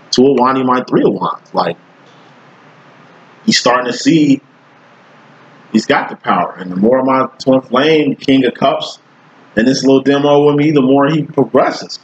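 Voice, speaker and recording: A man's voice: a little slow, long pauses, dull audio, slight background noise. Blunt, profane male tarot reader. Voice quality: profane, blunt and streetwise, with slang. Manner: animated, rhythmic, jumping in pitch for emphasis. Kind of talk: casual tarot reading monologue.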